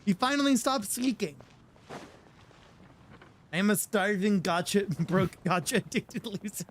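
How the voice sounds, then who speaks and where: A man's voice: high voice, a little slow, long pauses, slight background noise. Chatty, exasperated male streamer. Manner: exasperated, chatty, stumbles over words. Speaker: VTuber streamer. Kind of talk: casual game-stream commentary.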